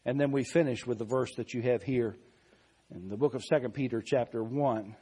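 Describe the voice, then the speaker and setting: A man preaching a sermon, reading scripture slowly and deliberately, swelling louder on key phrases and dropping soft. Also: medium pitch, husky.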